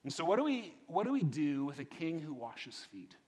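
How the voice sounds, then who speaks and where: A man preaching a sermon in a conversational, animated way, often repeating words and asking the congregation questions. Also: fairly high pitch, moderate pace, breathy edge. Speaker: pastor. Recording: long hall reverb.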